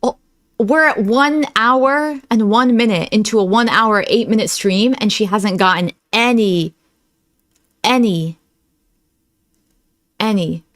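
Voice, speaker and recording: A woman's voice: medium pitch, takes it slowly, long pauses, a bit bright, dry recording, studio quality. A woman hosting a reaction video, giving sarcastic commentary and laughing at her own remarks.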